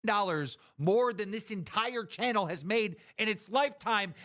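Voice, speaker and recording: Animated bright-voiced man ranting. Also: high voice, moderate pace, few pauses. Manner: exasperated, complaining, swearing. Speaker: show host. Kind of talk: ranting on a live stream.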